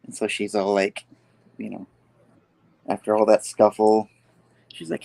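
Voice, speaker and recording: A man's voice: lowish voice, flat delivery, a little slow, vocal fry, dark tone, no echo. A man recapping a comic book issue in casual chat, rambling with lots of "like" and "you know.".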